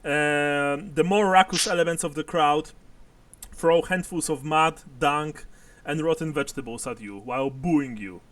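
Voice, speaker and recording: A man's voice: a little high, measured pace, a bit bright, dry recording, recorded from a distance. A man narrating a tabletop role-playing game as game master, chuckling often as he describes scenes.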